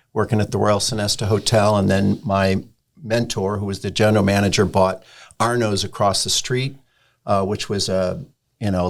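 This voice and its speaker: Relaxed, low-voiced restaurateur telling stories. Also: male voice, gravelly. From Sarasota, Florida. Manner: relaxed storyteller, many ums. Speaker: restaurant owner, podcast guest. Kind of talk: casual interview chat.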